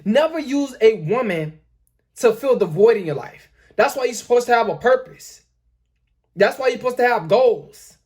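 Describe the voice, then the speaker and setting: A man's voice: very high-pitched, animated, normal speed, darkish tone, slightly rough. A man hosting a dating-advice talk, lecturing emphatically, repeating his points and addressing his viewers as guys. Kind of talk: lecturing commentary.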